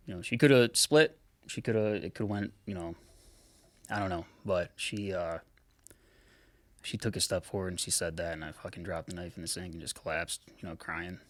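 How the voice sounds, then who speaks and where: A man with a low, deep voice recounts his past bluntly on a podcast, full of curse words and halting "uh"s. The sound is dry and close, with no room around it. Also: steady tone, dry recording. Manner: frank, heavy swearing, halting with many fillers. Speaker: podcast guest. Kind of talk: candid personal storytelling. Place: podcast studio.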